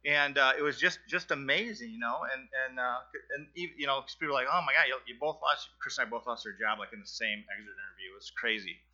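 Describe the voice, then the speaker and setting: A man's voice: mid-range voice, steady tone, sharp tone, dull audio. Nervous man giving a church testimony. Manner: halting, many fillers and restarts, earnest. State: nervous, sweating. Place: church, in front of a congregation.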